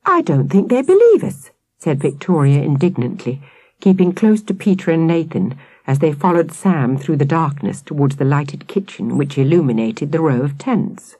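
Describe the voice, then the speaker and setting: A woman narrating a children's audiobook with an expressive, dramatic reading. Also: low voice, normal speed, slightly rough, no echo.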